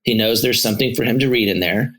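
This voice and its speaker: Guy therapist on a podcast, chatty, rambles w restarts, mid-pitched voice. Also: quick pace, a bit bright, poor audio. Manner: storytelling, many restarts and fillers. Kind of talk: casual conversational podcast.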